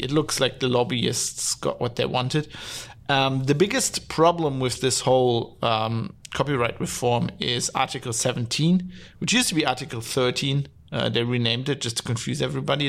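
A man's voice: mid-range voice, creaky, a bit bright. A man hosting his own podcast, talking casually and sardonically, rambling with many fillers and restarts. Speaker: podcast host. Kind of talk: casual solo podcast talk. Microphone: podcast mic, streamed live.

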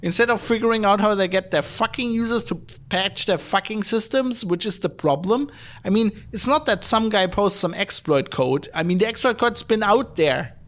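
Male podcast host, slightly high voice, casual profane rant. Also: normal speed, a bit bright. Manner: ranting, profane, many fillers. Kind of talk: casual chat.

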